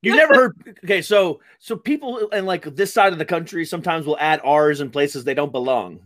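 Laid-back co-host voice, mid pitch, teasing and swearing a bit on a live stream. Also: fairly quick, a bit bright. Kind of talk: casual live stream chat.

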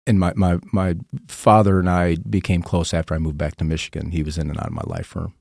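A man, a podcast guest, candidly telling a painful personal story in a halting, emotional way, often repeating his words. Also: low-pitched, creaky, a little mellow, no echo, clean studio sound.

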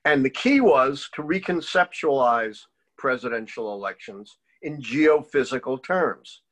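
An older man tells a long story as an interview guest. His voice sits in a middle register and his pitch leaps up and down as he acts out the people he quotes. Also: lively intonation, a little slow, poor audio. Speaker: guest, political historian.

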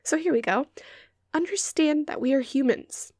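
Ranting in a monologue on her podcast, a young woman sounds exasperated and sarcastic, and she swears often. Her warm, high voice moves a little slowly, and the recording is dry and studio quality.

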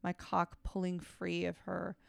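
A woman's voice: fairly low pitch, monotone, a little slow, gravelly, smooth, dry recording, studio quality. A woman podcast co-host reading fiction aloud and breaking off now and then for frank, wry asides.

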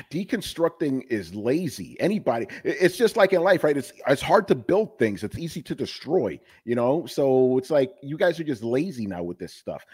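A middle-aged man talking as a podcast guest in casual, animated chat, emphatic and swearing freely. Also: mid-range voice, normal speed, breathy edge, no room sound.

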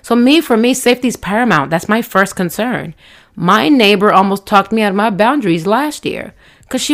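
A woman's voice: medium pitch, expressive, moderate pace. A woman co-hosting a podcast, chatting casually and emphatically, laughing easily. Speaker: podcast co-host. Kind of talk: casual chat.

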